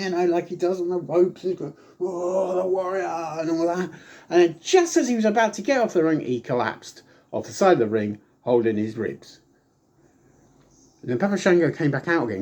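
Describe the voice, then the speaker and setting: This is a man in an easygoing review, walking through an old wrestling broadcast match by match. His talk meanders with frequent ums and restarts. He livens it up by acting out lines from the show in an animated voice. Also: on the high side, lo-fi sound. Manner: chatty, rambling with frequent ums; animated, acts out quoted lines. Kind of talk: casual retelling review.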